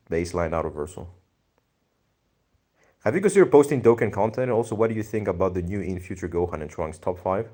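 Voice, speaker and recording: A man's voice: lowish voice, a little mellow. A young man with a Greek accent chatting casually on a live stream, reading viewer comments and thinking aloud in a laid-back, slangy way. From Greece.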